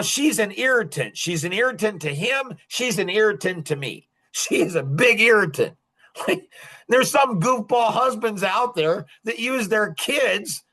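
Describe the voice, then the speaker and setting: A man's voice: high voice, pushed and bright, breathy edge. A middle-aged man hosting a podcast, talking in an impassioned, repetitive monologue and breaking into short laughs. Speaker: podcast host.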